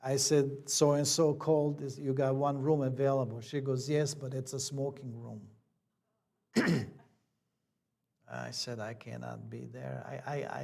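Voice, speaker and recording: A man's voice: fairly high pitch, vocal fry, dark tone. A man, a church elder, telling a personal story in a plain conversational sermon, acting out the dialogue.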